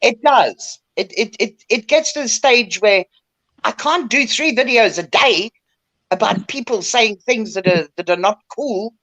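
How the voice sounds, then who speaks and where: A woman's voice: fairly high pitch, a little slow, fairly bright tone. An older woman talking bluntly and emotionally in a casual chat, calling in to a show. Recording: dull lo-fi line.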